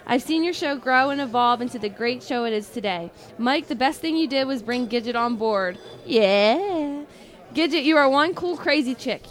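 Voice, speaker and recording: Woman, podcast co-host, reads listener mail, giggly, upbeat, a bit high-pitched. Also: fairly bright tone. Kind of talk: reading a listener message aloud.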